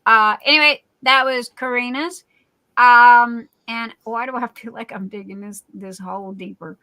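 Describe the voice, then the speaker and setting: A woman hosts a livestream, greeting viewers and playing the class clown. Her voice is very bright and a little high, and she talks in an unhurried way. The recording is close and dry. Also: fairly even intonation, no echo, low-quality recording. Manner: chatty and silly, self-described class clown. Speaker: livestream host. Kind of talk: casual live chat reading viewer comments.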